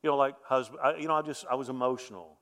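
A middle-aged man preaching a sermon, telling a personal story with feeling, rising to loud quoted lines and sinking to a near hush. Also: medium pitch, racing. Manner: heartfelt storytelling with quoted voices, swelling and dropping to a hush. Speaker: pastor. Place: church sanctuary. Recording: long reverb of a church hall.

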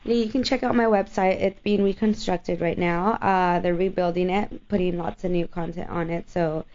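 A woman's voice: on the low side, steady tone, moderate pace, darkish tone. A woman guest on a radio talk show, chatting casually in a playful, flirty way and laughing often. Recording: dull lo-fi radio audio.

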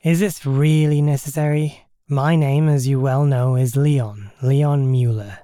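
A man voicing a weary, aloof man in his thirties who speaks slowly and with dry impatience. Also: medium pitch, fairly even intonation, warm tone, dry recording, natural voice. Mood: impatient.

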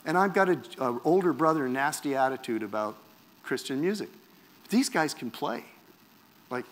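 A man's voice: a little high, normal speed. A man from Canada, preaching a personal testimony in a wry, self-mocking storytelling manner. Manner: animated, wry, self-mocking storyteller who acts out quotes.

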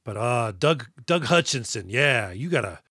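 A man's voice: medium pitch, expressive, measured pace, pushed and bright, husky, dry recording. Podcast guy riffing sarcastic on a movie, swears a lot, mid voice, dry mic. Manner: sarcastic, profane, acts out movie lines. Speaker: podcast co-host. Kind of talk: casual movie-review chat.

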